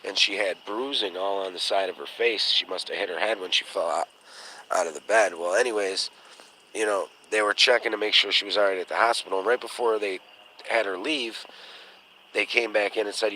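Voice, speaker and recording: A man's voice: on the low side, fairly even intonation, fairly quick, pushed and bright, slight background noise, poor audio. A man hosting a casual livestream chat, telling stories in a blunt, profane way and acting out the voices of people he quotes. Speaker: podcast host.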